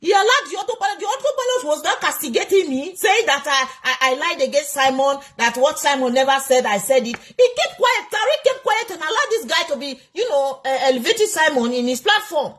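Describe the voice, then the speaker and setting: A woman's voice: sits high, animated, fairly quick, hardly any pauses, fairly bright tone. A woman with a Nigerian accent hosting a live call-in program. She scolds her listeners angrily and slips into Pidgin. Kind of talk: heated live broadcast rant.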